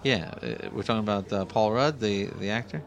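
Casting: male co-host, low voice, fast profane rambling banter. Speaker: podcast co-host. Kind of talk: casual comedy chat.

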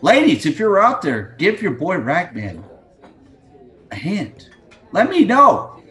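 A man's voice: sits high, wildly swooping pitch, takes it slowly, fairly bright tone. A middle-aged man hosting a podcast, rambling in a crude, joking, scatterbrained way over a video call. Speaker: podcast host. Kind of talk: casual rambling monologue.

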